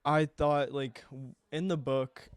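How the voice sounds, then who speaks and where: A man's voice: mid-range voice, steady tone, slow pace, clear, resonant tone, dry recording. A young man co-hosting a podcast, chatting casually about a film, rambling and swearing freely. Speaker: podcast co-host. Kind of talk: casual chat.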